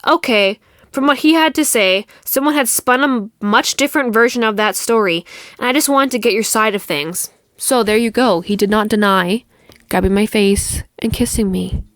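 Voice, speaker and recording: A woman's voice: on the high side, normal speed, no echo, studio quality. A young adult woman hosting a podcast, retelling a personal drama in a heated, profane, indignant way. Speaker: podcast host. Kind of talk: casual storytelling monologue.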